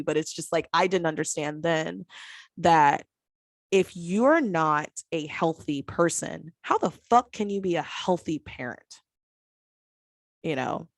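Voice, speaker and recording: A woman's voice: low-pitched, slow pace, dry recording. Frank, laughing young woman host. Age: 20s. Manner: frank and profane, laughs often, acts out quotes. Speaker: podcast host. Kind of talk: candid casual chat.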